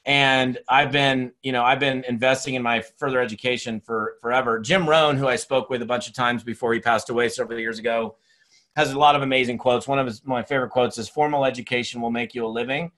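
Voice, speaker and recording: A man in his fifties giving a motivational sales training talk, telling stories in an energetic, chatty way full of restarts. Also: medium pitch, fast. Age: 50s. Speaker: network marketing speaker and trainer. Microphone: webinar recording.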